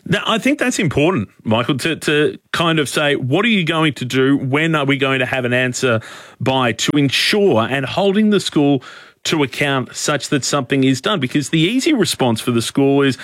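Australian man, radio talk host, forceful, opinionated, dry close studio mic. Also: medium pitch, animated, normal speed, no room sound. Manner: forceful, emphatic, repeats points. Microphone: studio microphone.

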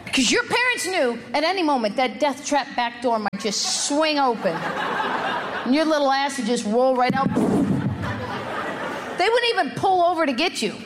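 A woman's voice: high-pitched, big pitch swings, normal speed. A female stand-up comedian delivering brash, sarcastic punchlines on a club stage. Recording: noisy live recording in a reverberant hall. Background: audience laughter.

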